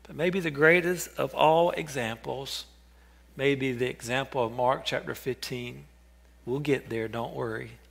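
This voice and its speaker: Bright-voiced man preaching a sermon. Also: mid-range voice, measured pace, creaky. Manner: earnest preaching, repeats phrases, softens to a hush for quoted callings. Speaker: pastor.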